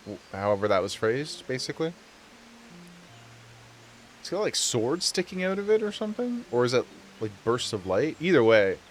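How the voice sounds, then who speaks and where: Streamer, male, easygoing gameplay chatter from home, quick to laugh, reads in-game lines aloud. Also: medium pitch, big pitch swings, faint music behind. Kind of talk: casual live gameplay commentary.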